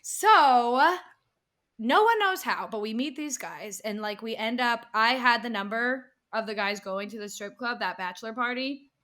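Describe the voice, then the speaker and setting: A young woman co-hosting a podcast, telling a story in a lively casual chat, laughing and swearing as she goes. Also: fairly high pitch, measured pace. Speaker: podcast co-host.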